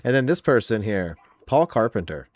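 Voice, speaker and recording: A man's voice: lowish voice, big pitch swings, normal speed, dry recording. A man hosting a podcast in casual chat, mocking and profane as he trash-talks and reads out viewer comments. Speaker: podcast host.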